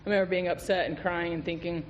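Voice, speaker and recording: A man's voice: high-pitched, steady tone, fast. A man giving a candid, profane recovery testimony as a guest speaker at a meeting, telling his story with laughs. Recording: reverberant hall with faint noise.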